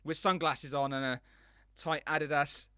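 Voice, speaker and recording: Guy, bright forceful voice, dry close sound, rambly excited chat. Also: fairly high pitch, normal speed, clear, resonant tone, no echo. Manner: enthusiastic, rambling storyteller. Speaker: podcast host. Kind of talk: casual chat.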